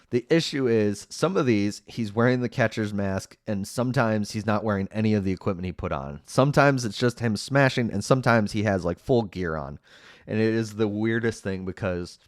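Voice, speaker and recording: Man, podcast host, low voice, dry close sound, rambling casual recap, lots of fillers, sarcastic asides. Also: no room sound.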